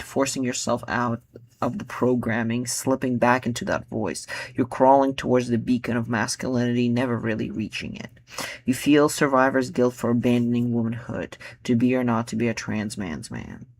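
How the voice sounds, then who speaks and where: A man chatting loosely about his own poems, rambling with many filler words and often drifting into quiet mutters. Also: mid-range voice. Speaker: poet.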